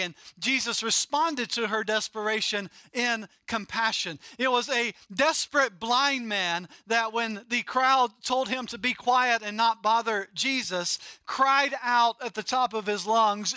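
Bright-voiced, high-pitched male preacher. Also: unhurried, hardly any pauses, no room sound. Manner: emphatic, repetitive preaching with rising and falling intensity. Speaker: pastor. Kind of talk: sermon.

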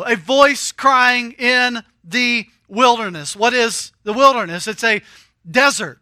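High, bright-voiced man preaching slowly. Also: no room sound. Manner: preaching with rhetorical questions, drops to a hushed, intimate tone. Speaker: pastor. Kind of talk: sermon.

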